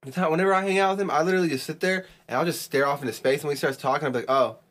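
A man's voice: on the high side, racing, a bit bright. A young man co-hosting a podcast in casual chat, blunt and exasperated, swearing a lot. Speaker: podcast co-host.

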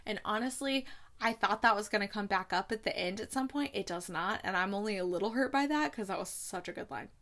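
A chatty woman recaps a movie in a casual, gushing way. She bounces between retelling scenes and playful little asides, with a voice of middling pitch for a woman. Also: brisk, a bit bright. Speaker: podcast host reviewing movies.

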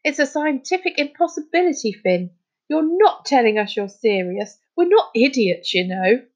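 A man's voice: very high voice, sing-song, moderate pace, dull audio, voice pushed up, full character voice. A woman voicing a rational, science-minded boy who sounds incredulous and matter-of-fact, in a storybook reading.

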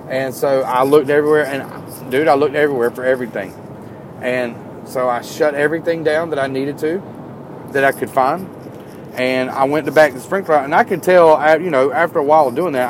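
A man casually telling animated stories about his trade job, climbing higher and louder when worked up. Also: a little hiss or hum. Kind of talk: casual storytelling.

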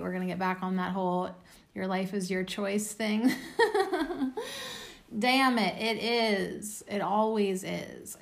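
A woman's voice: mid-range voice, creaky. A tired woman giving a casual oracle card reading, blunt and self-mocking, with the odd swear.

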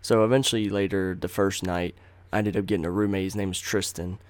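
A man's voice: sits low, steady tone, a little fast, no room sound. A man telling a personal story in a casual, slangy, profane way, acting out what people said. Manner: profane, slangy, acts out quotes. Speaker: storyteller host.

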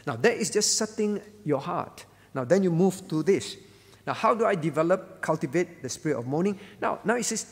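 A man's voice: on the high side, lively intonation, normal speed, vocal fry, breathy edge. A man preaching at a prayer meeting as the pastor, earnest, repeating his phrases and quoting scripture. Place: church hall. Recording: church hall with long reverb.

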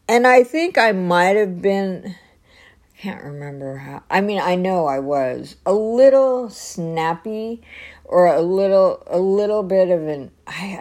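Woman vlogging, low voice, slow and halting, lots of um and restarts. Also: darkish tone. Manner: rambling, halting, many restarts and fillers. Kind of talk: casual storytelling.

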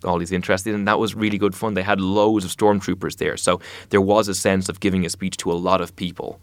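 A man's voice: deep voice, little pitch movement, fast, clean tone, dry recording. A man, an actor being interviewed, talking in a thoughtful, rambling way with many fillers. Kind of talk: casual interview chat.

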